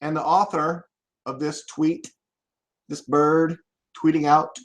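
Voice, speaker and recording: A man's voice: fairly high pitch, flat delivery, slow. Ranting, profane man hosting a podcast. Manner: swearing, ranting, jumps to loud shouts. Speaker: host of a political podcast. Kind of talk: live podcast rant.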